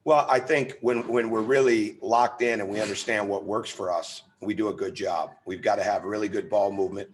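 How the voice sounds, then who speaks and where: A man's voice: on the low side, fairly even intonation, fairly quick, few pauses, slight background noise. A middle-aged man, a head coach, answering press questions on a video call in an earnest, emphatic way, restarting phrases as he goes. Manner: earnest, emphatic, repeats words when restarting.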